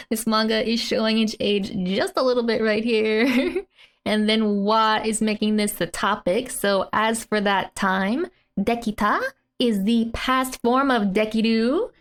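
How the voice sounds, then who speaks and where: A woman teaching a casual language lesson from a comic, laughing often as she explains. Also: fairly high pitch.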